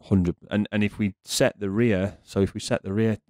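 Man, garage owner, very deep voice, dry sound, earnest explainer. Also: fairly even intonation, normal speed, a little mellow, dry recording. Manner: earnest, explains at length with restarts. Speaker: car mechanic and garage owner. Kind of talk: casual chat.

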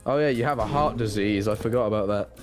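A man's voice: fairly low pitch, fast, over music. A man chatting while gaming, with dry, sarcastic teasing. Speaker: gaming teammate. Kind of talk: casual gaming chat.

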